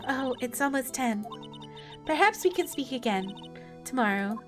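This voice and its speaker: A woman voicing a young male defense lawyer, earnest and flustered, reading game dialogue in a lowered voice. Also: animated, a little slow, music in the background.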